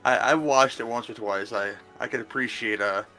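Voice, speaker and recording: A man guesting on a podcast in casual film review chat. He talks in a relaxed way with stammering restarts. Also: mid-range voice, brisk, soft background music.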